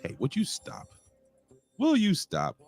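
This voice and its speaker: A hoarse man hosting a casual wrestling review show, rambling, joking and swearing freely. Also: sits high, wildly swooping pitch, slow, faint music behind. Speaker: podcast host.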